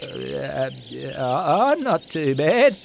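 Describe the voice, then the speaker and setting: A man's voice: high-pitched, expressive, normal speed, slight background noise, voice pushed up. Man doing a meek, bleating sheep. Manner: meek, hesitant. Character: timid gentle male sheep.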